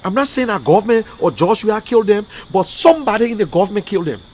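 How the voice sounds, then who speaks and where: A Liberian man delivering an emotional, repetitive political rant as a commentator, swinging between loud outbursts and quiet, subdued stretches. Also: high voice, sing-song, quick pace. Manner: emotional, repetitive, rising and falling intensity. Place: in America.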